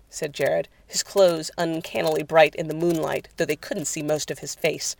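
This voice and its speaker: A narrator reading a horror story aloud in a measured, even way. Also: mid-range voice, vocal fry, no echo.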